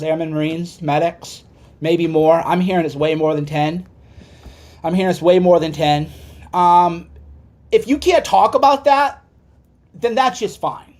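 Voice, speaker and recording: A man ranting as a political commentator, swearing and heated, swinging between loud outbursts and low muttered asides. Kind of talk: angry livestream rant.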